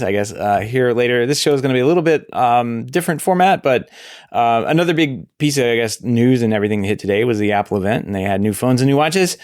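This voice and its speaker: A man hosting a casual podcast chat, his voice still hoarse and recovering, who rambles with many restarts and laughs often from his home desk. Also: medium pitch, a little mellow, no room sound, studio quality. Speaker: podcast host.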